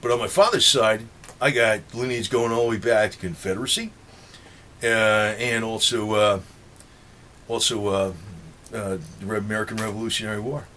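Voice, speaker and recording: A man's voice: on the low side, fairly even intonation, moderate pace, a bit bright, slight background noise. A man with a New Jersey accent rambling in a monologue to his viewers, swearing freely and chuckling between points. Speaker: political vlogger.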